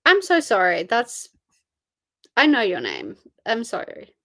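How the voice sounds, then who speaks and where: A woman's voice: a little high, wildly swooping pitch, a little slow, creaky, a bit bright, no room sound. A tired young woman, chatting casually on a livestream and answering chat messages. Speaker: livestream host. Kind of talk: casual live-stream chat.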